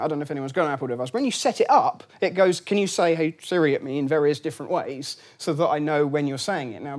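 A man's voice: fairly high pitch, darkish tone. A middle-aged man giving a lunchtime lecture in a room, chatty and wry, with many fillers and restarts.

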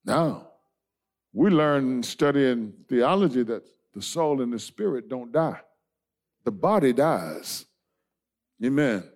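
A man preaching a sermon as pastor, emphatic, swinging from shouted lines to soft asides and dropping in amens. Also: mid-range voice, expressive, takes it slowly, long pauses. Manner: punctuates with amen and all right.

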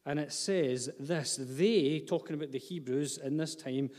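A man delivers a sermon with a voice pitched a little above most men's. He preaches earnestly, slipping in light asides to the congregation. His words ring out with a long hall echo. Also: measured pace, a little mellow. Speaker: pastor. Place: church hall.

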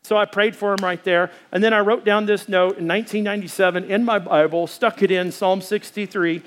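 A man preaching a sermon in a church as pastor, telling a story with lively acted-out dialogue. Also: high voice, a little fast. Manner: animated storytelling, acting out dialogue.

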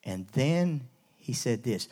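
A man from Canada preaching a revival sermon in church, dropping to hushed lows and rising to loud, soaring highs. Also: sing-song, takes it slowly, breathy edge.

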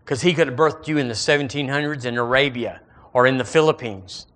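A male pastor, preaching an animated sermon and calling on the congregation to repeat lines after him. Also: medium pitch, fairly quick.

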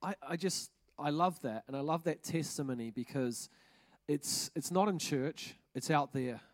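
A pastor preaching a stirring, emphatic sermon at a church service. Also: male voice, on the high side, moderate pace.

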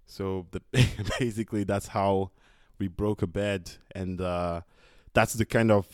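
Low-voiced man telling a casual story. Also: steady tone, unhurried, no echo, studio quality. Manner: casual, laughing, with fillers like "like" and "basically". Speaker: podcast guest.

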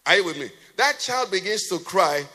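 Pastor preaching in a reverberant hall. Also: male voice, high voice, animated, moderate pace, sharp tone. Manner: asks the congregation questions and has them fill in the answer. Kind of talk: sermon. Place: church hall. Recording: long church reverb.

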